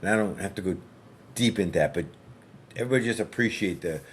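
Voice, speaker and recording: A man, a podcast guest and fitness coach, telling a story in a relaxed, conversational way and acting out dialogue as he goes. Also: deep voice, fast, slight background noise. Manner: frequent fillers and restarts.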